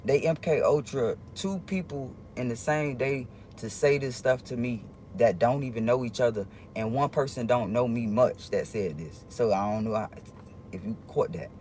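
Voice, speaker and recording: Man, mid pitch, casual livestream talk: rambling, halting, confiding with viewers, faint background hum. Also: darkish tone. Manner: rambling, halting, with many restarts; earnest, confiding tone addressing viewers.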